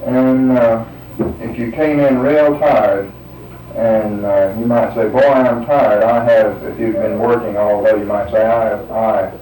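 A man's voice: on the low side, steady tone, measured pace, dark tone, slight background noise. Hesitant male interviewer heard from afar. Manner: hesitant, prompting with example sentences. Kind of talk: dialect survey questioning. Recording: roomy, distant mic.

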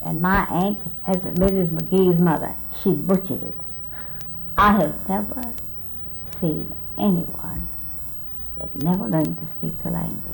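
A fairly low, creaky voice, speaking a little slowly, belongs to an older South Texas woman recalling her life for an oral history interview. Her storytelling rambles, quotes other people, and is full of restarts. Slight background noise accompanies the rough recording.

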